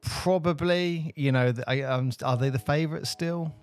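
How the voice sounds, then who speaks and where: A man's voice: fairly high pitch, moderate pace, darkish tone, soft background music. A man with a British accent co-hosting a podcast in casual chat, rambling with fillers and restarts. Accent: British English. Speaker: podcast co-host.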